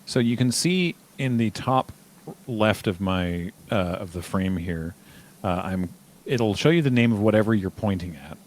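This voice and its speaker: A man's voice: on the low side, expressive, a little slow, darkish tone. A man hosting a multiplayer game stream, chatting casually and explaining the game to viewers step by step. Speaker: stream host. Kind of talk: casual gameplay chat.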